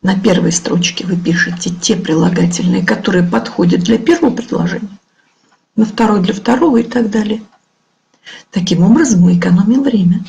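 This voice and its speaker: A woman's voice: medium pitch, creaky, warm tone, poor audio. A woman teacher from Russia with a Russian accent, leading an online English vocabulary lesson and moving between English and Russian as she glosses word pairs. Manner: slow, careful dictation-like delivery of word pairs.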